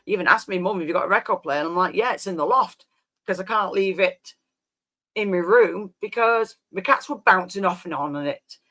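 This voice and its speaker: A woman's voice: mid-range voice, moderate pace, pushed and bright. A woman in her fifties, a live streamer rambling and reminiscing in casual chat with her viewers, often trailing off.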